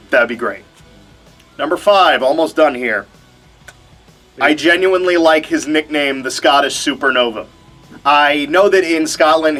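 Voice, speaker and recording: A man's voice: fairly high pitch, fairly bright tone. A young man hosting a wrestling vlog, chatting casually with a wry, mock-reluctant tone. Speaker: wrestling show host.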